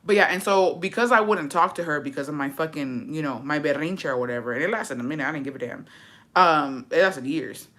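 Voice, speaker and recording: With a low, slightly bright voice and a brisk delivery, a woman vlogger spins a casual storytime full of sass and swearing. English is her first language, and her brash chat treats viewers as besties.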